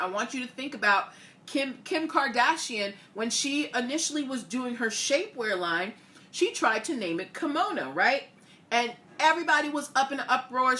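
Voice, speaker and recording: A woman's voice: a little high, a bit bright. A woman hosting a casual live stream, chatting with viewers, asking their opinions and reading their comments aloud. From Haitian family. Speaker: host.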